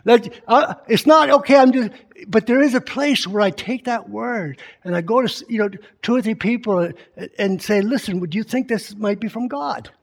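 Guy with a high voice preaching to a church crowd, chatty, keeps asking the room questions. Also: normal speed, creaky. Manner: keeps quizzing the congregation with questions; reads scripture aloud with added emphasis. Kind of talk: conversational church teaching.

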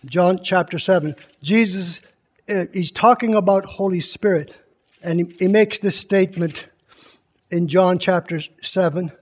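With a high-pitched voice at a measured pace, a man delivers a sermon in a conversational teaching style. He reads scripture with emphasis and continually tests his listeners with questions.

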